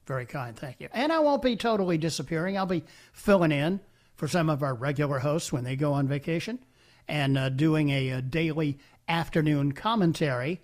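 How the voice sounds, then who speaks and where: An older man at a studio microphone hosts a call-in radio show, his voice sitting a little higher than most men's. He talks in a folksy, unhurried way, stumbling over fillers and restarts. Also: a little mellow. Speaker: talk radio host.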